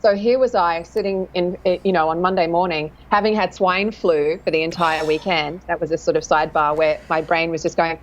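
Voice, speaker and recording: A woman dialect coach in a casual interview, talking thoughtfully and often pausing to search for words. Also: on the low side, fairly even intonation, lo-fi sound.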